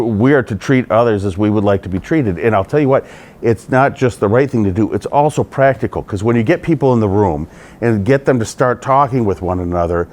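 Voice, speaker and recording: A man's voice: on the low side, a little mellow. A middle-aged man, a state legislator, answering interview questions in an earnest, conversational way.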